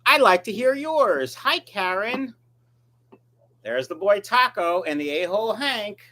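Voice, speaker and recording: A man chatting casually on a live stream, reading out viewer comments and riffing on them with jokes at his own expense. His pitch swings around a lot as he talks, rambling from one remark to the next. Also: sing-song, unhurried, pushed and bright, slight background noise. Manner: joking, rambling, self-mocking. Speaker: fish breeder hosting a live stream.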